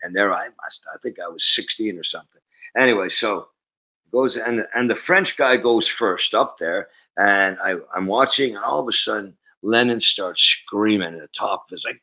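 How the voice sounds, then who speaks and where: A man in his sixties from Canada, a musician guest telling stories in a casual interview, animated and acting out the voices. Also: lowish voice, moderate pace, rough recording.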